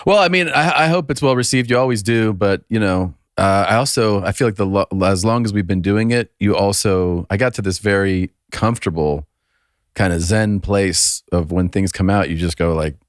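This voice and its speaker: A man's voice: lowish voice, moderate pace, no room sound. A man in his fifties co-hosting a podcast in casual chat, laid-back and teasing with easy laughs, on a close studio mic. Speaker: podcast co-host, comedian.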